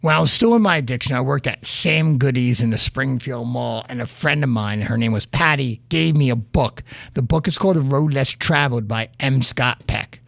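Gravelly, earnest motivational host. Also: male voice, medium pitch, moderate pace, few pauses, fairly bright tone, no echo, clean studio sound. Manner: earnest, storytelling, with frequent "right?" asides. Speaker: podcast host. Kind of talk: motivational monologue.

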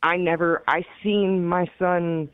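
A grieving middle-aged mother speaks as a guest caller in an emotional interview, rambling, repeating herself and quoting family members. Her voice is on the low side, steady and clean, and she takes it slowly. It comes over a tinny, dry phone line.

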